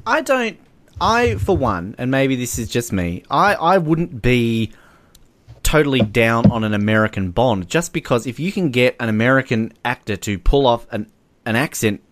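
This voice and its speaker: An Australian man co-hosting a casual film chat, animated and quick to laugh. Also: medium pitch, dry recording. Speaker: podcast co-host.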